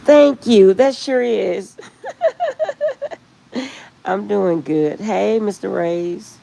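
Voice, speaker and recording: A middle-aged woman chatting casually with live viewers on her phone, rambling warmly and laughing often. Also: medium pitch, very slow, creaky, rough recording. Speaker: livestream host.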